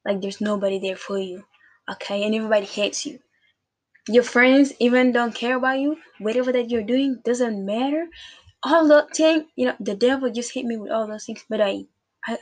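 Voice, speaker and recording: A woman's voice: fairly high pitch, normal speed. A woman giving a casual devotional talk as a faith vlogger, earnest and repetitive, speaking straight to her listeners.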